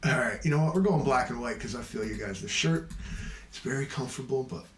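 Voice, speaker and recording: A man's voice: mid-range voice, expressive, brisk, echoey room, slight background noise. A man hosting a casual livestream, rambling from topic to topic in a jokey, self-mocking way. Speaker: livestream host.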